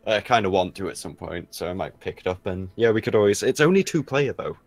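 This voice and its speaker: A man co-hosting a game stream, chatting in an easygoing, halting way with lots of fillers. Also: fairly low pitch, animated, darkish tone, dry recording. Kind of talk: casual gaming stream chat.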